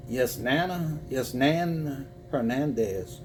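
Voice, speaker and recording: Speaking slowly in a mid-range, slightly mellow voice, this Cajun-accented man hosts a laid-back spiritual reading livestream as he packs up his home to move. He chats in a folksy way, reads out viewer messages, and calls folks boo, with slight background noise.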